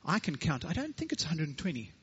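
A man voicing a slow, doubtful male tortoise in a sermon story. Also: fairly high pitch, huge pitch swings, fairly bright tone, highs cut off, slight background noise. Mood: skeptical.

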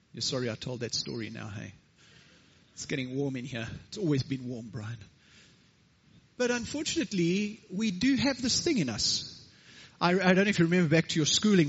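A man preaching a sermon, an animated storyteller with chatty asides, in a church hall. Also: on the high side, husky, muffled recording. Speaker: pastor.

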